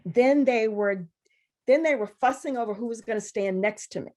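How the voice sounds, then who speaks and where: A guest poet at a university event narrates a story conversationally and with spirit, acting out what others said. Her voice sits a little high, her pace is moderate, and there's a slight hiss or hum in the recording.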